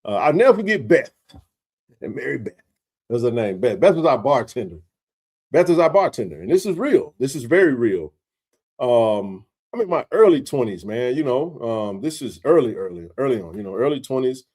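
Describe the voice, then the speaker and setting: A man's voice: mid-range voice, big pitch swings, moderate pace, a little mellow. A man from Mississippi, hosting a sports livestream and telling a long story in a fired-up, chatty way with lots of fillers. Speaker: sports talk show host.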